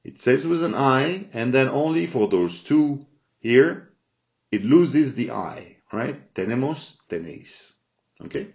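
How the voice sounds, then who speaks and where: Slow man teaching grammar, lo-fi sound. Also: mid-range voice, animated, gravelly, darkish tone. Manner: slow, repeats forms, checks in with "all right?". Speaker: Spanish teacher. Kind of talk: explaining grammar from a chart. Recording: dull lo-fi sound.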